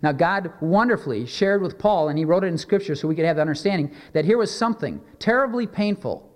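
A man preaching a sermon as pastor, earnest and measured, slowing down for emphatic scripture readings. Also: on the high side, animated, in a large hall.

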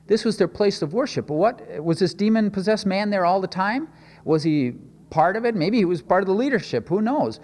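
A man's voice: high voice, animated, brisk, a little mellow, long reverb tail. A man preaching a conversational sermon, asking rhetorical questions and often restarting his phrases. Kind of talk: expository sermon.

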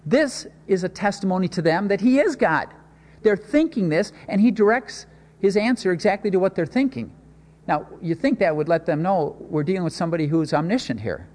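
A man's voice: high voice, brisk. Preacher man in a reverberant hall. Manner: expressive storytelling with sudden swings in loudness. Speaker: pastor. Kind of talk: sermon.

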